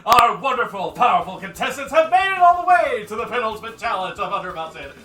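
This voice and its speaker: A man putting on a flamboyant game-show announcer voice with a booming, drawn-out showman delivery. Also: sing-song, bright, forceful tone, exaggerated voice. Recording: roomy and distant, music behind.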